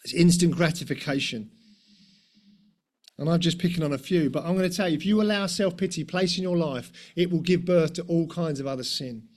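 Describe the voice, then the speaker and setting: A man with a high, light voice preaches a conversational sermon. He leans on rhetorical questions and tag questions and slips in self-deprecating asides. He sounds middle-aged. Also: fairly quick, a little mellow.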